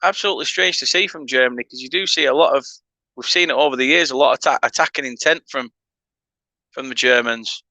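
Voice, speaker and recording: Hosting a fan-channel football watchalong, this northern English man chats and laughs with viewers in between calling the play. He talks fast in a mid-range voice that's bright and forceful, with no room sound.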